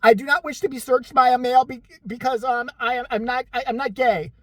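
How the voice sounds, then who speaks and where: A vlogger mocking a shrill, entitled man. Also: fairly even intonation, fairly quick, dry recording. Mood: whiny, defensive. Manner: whiny, indignant, mocking.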